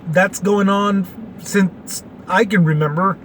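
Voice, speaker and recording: A man close to fifty holds forth in a loose, rambling monologue, full of fillers and folksy asides. His voice sits fairly high for a man. Faint background noise hums under the recording. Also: steady tone, slow pace, a bit bright. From Texas. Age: 40s. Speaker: podcast host. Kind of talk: casual opinion monologue.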